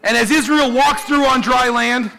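A man preaching a sermon, telling the story in an animated way and voicing the people he quotes. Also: extremely high pitch, moderate pace, gravelly, slight background noise. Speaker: pastor.

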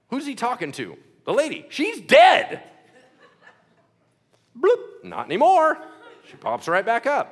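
A man's voice: sits high, wildly swooping pitch, a little slow, fairly bright tone. A man preaching a sermon, telling the stories animatedly with sound effects and acted-out quotes.

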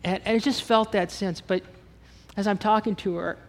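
A man's voice: high voice, fairly even intonation, normal speed, big-room sound. A man preaching a sermon as pastor, telling stories animatedly and acting out the dialogue.

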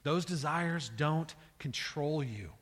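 A man's voice: on the high side, slow, a bit bright, breathy edge. Emphatic male pastor preaching in a hall. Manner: emphatic, repeats words, builds in intensity. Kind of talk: sermon.

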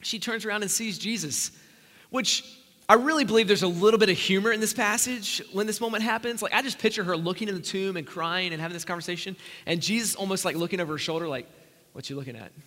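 A man with a high, bright voice delivers an earnest, conversational sermon to his congregation. He slips into quick voices for the people in the story he tells. His words ring out with a long reverb through the church sanctuary. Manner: earnest, conversational preaching with acted-out quotes. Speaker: pastor.

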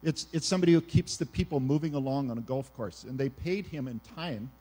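A middle-aged male pastor, from Canada, giving a sermon in an animated way, swinging from loud emphasis to hushed quiet. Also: mid-range voice, brisk, faint music behind.

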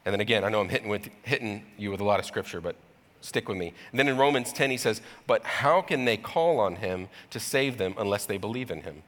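Man, pastor, young adult, bright voice, storytelling sermon, reverberant hall. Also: fairly low pitch. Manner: storytelling, animated with sudden voiced impressions.

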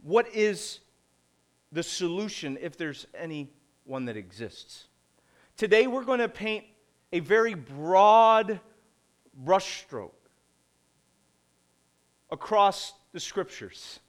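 A middle-aged man preaching a conversational sermon, posing rhetorical questions and pausing deliberately. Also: high-pitched, expressive. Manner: slow, deliberate delivery with pauses. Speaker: pastor.

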